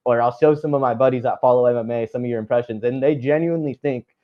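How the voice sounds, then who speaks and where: A man's voice: medium pitch, quick pace, highs cut off. A man hosting an interview, asking long, meandering questions with plenty of hedging. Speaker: interview host.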